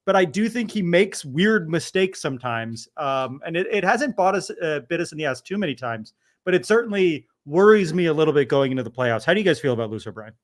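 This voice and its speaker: A chatty man co-hosting a postgame soccer podcast, his fairly high voice rising and falling a lot. He's playful and quick to toss questions to the others. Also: lively intonation. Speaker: podcast co-host. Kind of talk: casual postgame chat.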